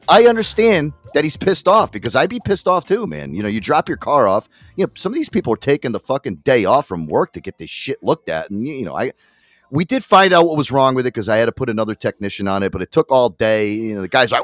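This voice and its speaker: A man co-hosting a radio show, telling a story in a casual, profane, animated way with frequent laughs. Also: mid-range voice, no echo. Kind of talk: casual chat.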